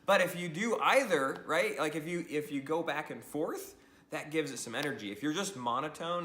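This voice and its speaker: A man giving an energetic social media training talk to the camera, upbeat and animated, often laughing and tagging lines with "right?". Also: on the high side, brisk, echoey room.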